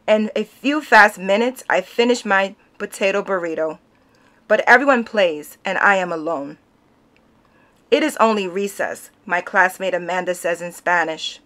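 A woman reading a children's picture book aloud, narrating in an expressive storytelling manner. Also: mid-range voice, normal speed.

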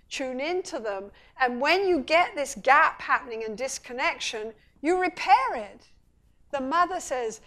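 A middle-aged woman, a couples therapist, giving a public talk and bringing her points to life by acting out bits of dialogue. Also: high voice. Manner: animated storytelling, acting out dialogue. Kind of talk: public lecture.

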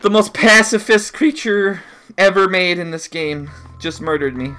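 A man giving live gameplay commentary, excitable and swearing heavily, often yelling in frustration. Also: high-pitched, measured pace, faint music behind. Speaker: let's play gamer.

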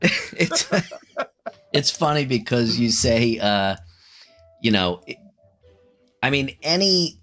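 A man's voice: mid-range voice, takes it slowly, long pauses, faint music behind. A man co-hosting a podcast, chatting casually about tabletop role-playing and swearing freely. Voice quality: profane, animated. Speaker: podcast co-host.

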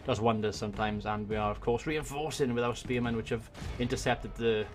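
A man from Wales with a Welsh accent, giving excitable let's-play commentary on a strategy game into a desk microphone, swearing and muttering to himself as he plays. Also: mid-range voice, fairly quick, faint music behind. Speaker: gaming YouTuber. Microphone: desk USB microphone.

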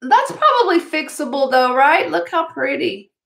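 Bubbly high-voiced woman vlogger. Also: normal speed, gravelly. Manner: excitable, gushing, chatty asides to viewers. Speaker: jewelry haul vlogger. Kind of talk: casual unboxing chat.

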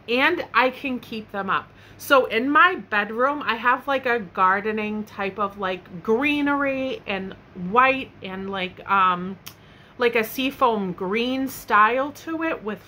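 A young woman with a bright, fairly high voice gushes over her finds in a casual home vlog. She talks in an enthusiastic, chatty way, full of loves and likes. The recording is made on a camera mic in her bedroom, with a faint hum of room ambience behind her. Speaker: haul vlogger. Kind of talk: casual product show-and-tell.

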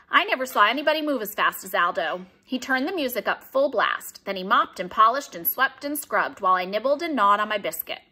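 A woman narrating a children's storybook aloud with an expressive, animated reading. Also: fairly high pitch, a little fast, hardly any pauses, breathy edge. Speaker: audiobook reader.

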